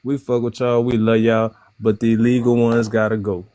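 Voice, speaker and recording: A man's voice: medium pitch, flat delivery, normal speed, warm tone, no echo. Blunt New Orleans man in his thirties. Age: 30s. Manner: blunt, slangy, emphatic. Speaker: panel guest. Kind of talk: live online panel discussion.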